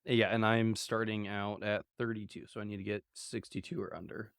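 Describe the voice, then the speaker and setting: A man playing a tabletop game, asking quick, inquisitive questions about the rules. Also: fairly low pitch, little pitch movement, fairly bright tone, clear, resonant tone, no room sound. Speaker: player.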